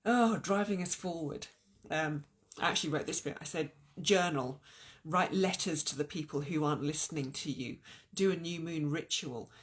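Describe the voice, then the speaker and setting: A woman giving an earnest, encouraging spiritual talk at an online event. Her voice is going hoarse, and she is animated and often restarts her sentences. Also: deep voice, normal speed. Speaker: spiritual teacher.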